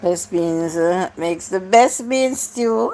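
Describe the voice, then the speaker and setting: A woman's voice: lowish voice, slow pace, mellow. A woman hosting a live stream, chatting casually and answering her viewers' comments one by one.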